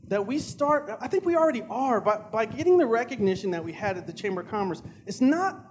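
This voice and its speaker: A man's voice: extremely high pitch, sing-song, fairly quick, few pauses, a little hiss or hum. A man, a lay preacher and father, giving an earnest, emphatic sermon in a church, repeating phrases for stress.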